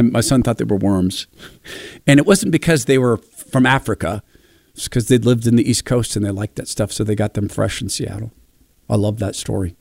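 A middle-aged man from the Pacific Northwest of the United States, sharing personal stories with enthusiastic, reflective warmth. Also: on the low side, dry recording. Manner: warm storytelling, enthusiastic and reflective. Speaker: speaker.

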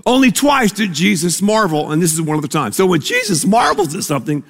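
A man's voice: high-pitched, sing-song, a little fast, gravelly, a bit bright, in a large hall. A man preaching a sermon as pastor, emphatic, stressing key words and having the congregation repeat them.

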